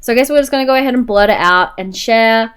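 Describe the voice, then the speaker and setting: A woman's voice: on the high side, quick pace, clean tone. A woman giving casual, chatty commentary while playing a life-sim game, often saying "go ahead and". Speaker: gameplay narrator.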